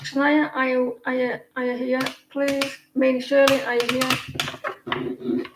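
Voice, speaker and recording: Woman doing live card readings, kinda high voice, rambly chatty, roomy echo. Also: little pitch movement, slow. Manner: chatty, rambling, laughs often. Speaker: live stream tarot reader. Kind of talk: casual live stream chat. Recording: echoey room, faint noise.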